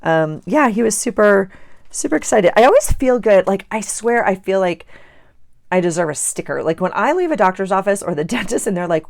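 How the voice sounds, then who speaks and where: A woman's voice: mid-range voice, animated, fast talker, vocal fry, a little mellow, no echo, clean studio sound. A middle-aged woman chatting casually and rambling with self-amusement while she works on her journal pages. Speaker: journaling vlogger. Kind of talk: casual chat while crafting.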